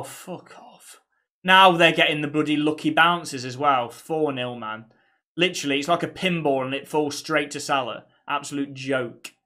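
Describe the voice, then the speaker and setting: High-voiced despairing male football fan. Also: sharp tone. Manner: despairing, incredulous, repeating himself. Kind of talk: live match watchalong reaction.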